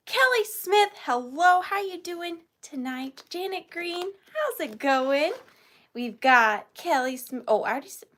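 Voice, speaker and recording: A woman's voice: sits high, fairly bright tone. A young woman from Georgia, hosting a live online vintage sale and greeting viewers by name in a bubbly, playful way.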